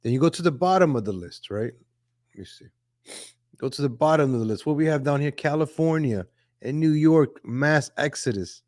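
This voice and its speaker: A man hosting a casual political commentary livestream, talking in a chatty, repetitive way, greeting viewers from the chat and often saying "ladies and gentlemen". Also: on the high side, expressive, normal speed, dry recording, studio quality. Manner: reads viewer chat names aloud. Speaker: livestream host.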